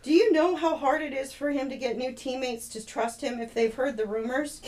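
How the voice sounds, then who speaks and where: A woman's voice: high voice, normal speed, darkish tone, lightly acted. A woman voicing an angry, loyal young woman in a storybook reading, indignant and upset.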